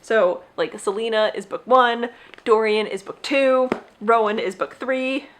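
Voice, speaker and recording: A woman's voice: fairly high pitch, unhurried, noisy background. A young adult woman hosting her own podcast, chatting casually and rambling with gushing enthusiasm. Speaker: podcast host. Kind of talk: casual solo chat.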